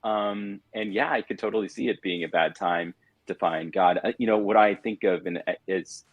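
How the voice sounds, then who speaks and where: Deep, husky male co-host, dry close mic, excitable and quick to laugh. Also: no room sound, narrow, tinny audio. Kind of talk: casual chat.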